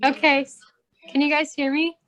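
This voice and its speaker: A woman's voice: high voice, flat delivery, normal speed, a bit bright, lo-fi sound. A young woman telling a short family story in a chatty way, with giggles and many fillers. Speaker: relative sharing a memory. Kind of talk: casual storytelling.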